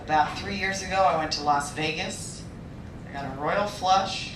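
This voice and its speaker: A woman from Los Angeles doing a stand-up set with a dry, deadpan delivery. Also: fairly low pitch, moderate pace, far from the mic. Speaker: stand-up comedian. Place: comedy club stage. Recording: echoey room from afar with crowd and noise.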